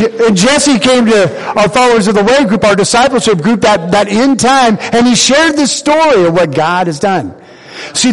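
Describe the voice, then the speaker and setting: A man's voice: sits high, in a large hall. A man, the pastor, preaching a sermon in a church and acting out the voices of God and of his listeners, repeating short phrases for emphasis. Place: church sanctuary.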